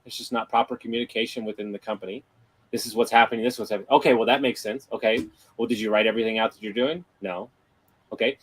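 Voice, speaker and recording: A man on a podcast chat, telling a lively story, playing out both sides of a conversation and swearing casually. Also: medium pitch, poor audio. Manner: animated storyteller, acts out dialogue, swears freely. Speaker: guest.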